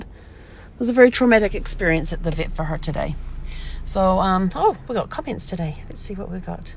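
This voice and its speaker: A woman's voice: mid-range voice, lively intonation, brisk, creaky, slight background noise. A woman telling a rambling, casual diary vlog from her camper, acting out her own remarks as she goes. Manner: rambling storyteller, acts out her own quotes. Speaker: vlogger.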